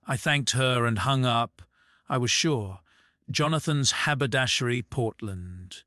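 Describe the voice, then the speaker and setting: A man reads a first-person audiobook in a measured, restrained voice at a mid pitch. He takes his time over each line. The recording is dry and close, with no room sound. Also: pushed and bright, no echo. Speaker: narrator.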